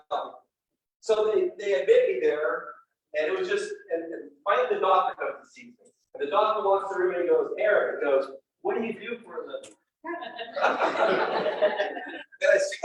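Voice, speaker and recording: A middle-aged man at a real estate event, telling a personal story and speaking straight to a live audience. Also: high voice. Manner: animated and personal, addresses the crowd directly. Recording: very echoey room, distant mic, faint noise.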